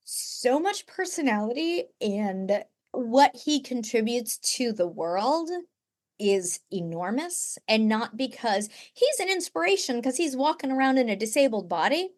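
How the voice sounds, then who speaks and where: A woman author talking as a podcast guest, earnest and at times close to tears. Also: fairly high pitch. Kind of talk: emotional podcast conversation.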